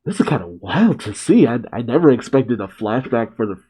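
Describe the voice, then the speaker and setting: A man's voice: mid-range voice, very animated, brisk, warm tone. A man casually reading a manga chapter aloud and reacting with wondering asides and sighs.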